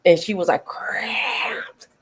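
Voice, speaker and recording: A middle-aged woman hosting a casual film review chat, retelling scenes with animated energy and frequent laughter. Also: medium pitch, measured pace. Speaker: host.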